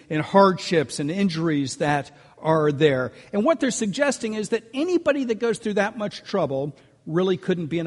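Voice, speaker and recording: A man's voice: a little high, a little mellow. An older man preaching a sermon, earnest and emphatic, with frequent restarts as he builds his points. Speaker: pastor. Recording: long reverb of a large hall.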